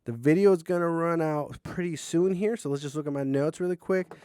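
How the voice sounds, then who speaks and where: A man's voice: on the high side, smooth, no room sound, studio quality. A man hosting his own podcast alone, telling a long story in a rambling, profane, joking way. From Mexican-American. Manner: rambling, profane, joking, quick swings in loudness. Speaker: podcast host. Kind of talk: casual solo storytelling. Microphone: camera on a desk, seen on video.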